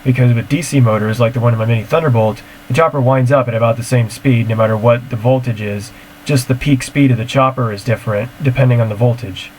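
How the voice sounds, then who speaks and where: A man's voice: mid-range voice, fairly even intonation, fast talker, darkish tone. Man, casual Q&A video talk, technical, rambling, faint background hiss. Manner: matter-of-fact, technical, rambling. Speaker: siren-hobby video creator. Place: home, screen recording.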